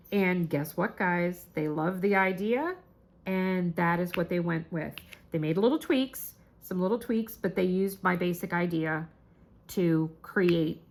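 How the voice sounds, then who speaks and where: A woman chatting casually to her viewers about crafting kits, bubbly and gushing, squealing whenever she gets excited. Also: medium pitch. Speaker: crafting vlogger.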